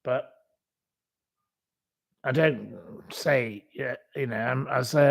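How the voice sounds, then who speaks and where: A man's voice: mid-range voice, a little slow, gravelly. A man hosting a live stream, rambling and scornfully insulting the people he talks about.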